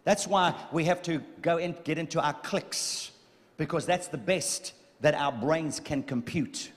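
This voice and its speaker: Man, high voice, emphatic sermon, repeated phrases, long hall reverb. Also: unhurried. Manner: emphatic preaching with repeated phrases and swings in volume. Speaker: preacher.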